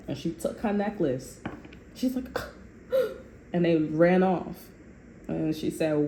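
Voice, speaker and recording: A woman's voice: fairly low pitch, takes it slowly, long pauses. Blunt, profane woman reading tarot. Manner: blunt, profane, animated storytelling. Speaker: tarot reader. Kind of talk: casual tarot reading monologue. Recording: echoey room with faint ambient noise.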